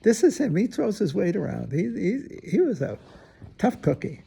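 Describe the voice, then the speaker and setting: A man's voice: high voice, very animated, normal speed, gravelly, warm tone, husky. A man in his eighties, a priest, reading scripture and giving an informal homily with folksy, chatty asides. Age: 80s.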